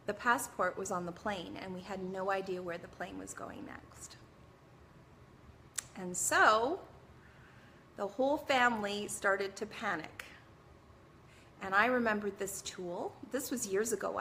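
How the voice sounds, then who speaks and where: Bright, chatty woman hosting a live stream. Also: mid-range voice, slight background noise. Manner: chatty and animated, laughs often, greets viewers by name. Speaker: host of a live-streamed advice show. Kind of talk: casual live-stream talk.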